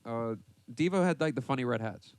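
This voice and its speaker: A man's voice: mid-range voice, animated, brisk, darkish tone, clear, resonant tone, no echo. A man hosting a casual podcast, reading a list aloud and mocking it with swearing and laughter. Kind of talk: casual banter with heavy swearing.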